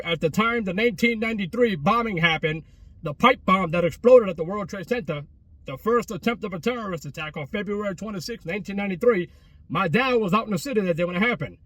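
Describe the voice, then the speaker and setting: A man talks in a loose, repetitive vlog style, full of slang and false starts. His voice is bright and husky. It sits a little back from the mic, with no echo around it. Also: high-pitched, animated, brisk, recorded from a distance. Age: 30s. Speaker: travel vlogger. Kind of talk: rambling casual chat. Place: outdoors by a closed restaurant at a mall.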